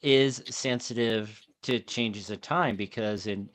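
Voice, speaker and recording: A man's voice: lowish voice, takes it slowly, fairly bright tone, no room sound. A man hosting a casual podcast chat over a video call. He rambles and often restarts his sentences. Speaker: podcast host.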